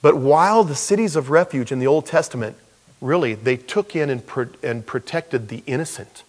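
A man's voice: medium pitch, lively intonation, normal speed, big-room sound. An older man, a pastor and grandfather, preaching a sermon in a conversational, folksy way with asides.

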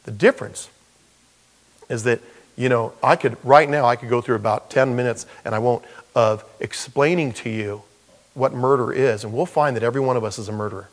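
A man's voice: mid-range voice, fairly quick, big-room sound. An older man, a pastor and grandfather, preaching a sermon in a conversational, folksy way with asides.

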